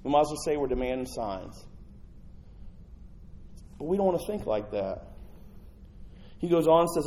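A male pastor preaching a sermon in an animated, conversational way, swinging from loud to hushed. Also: a little high, normal speed, long pauses, a little hiss or hum, rough recording.

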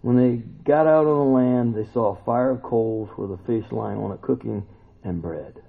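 A man teaching the Bible in a relaxed, conversational way, folksy and animated, often turning to ask his listeners questions. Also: mid-range voice, normal speed, gravelly. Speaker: preacher. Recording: tinny phone-like sound.

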